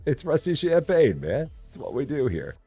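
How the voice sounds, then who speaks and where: A man's voice: moderate pace, slightly rough, soft background music. A man chatting casually and joking as he live streams a store simulator game, rambling and laughing. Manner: jokey, rambling, laughs often, lively swings in pitch.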